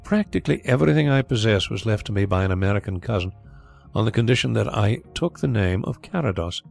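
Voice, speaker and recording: A man voicing a suave, genial blind gentleman detective, speaking calmly and thoughtfully. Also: lowish voice, quick pace, faint music behind. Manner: calm, thoughtful, smoothly assured.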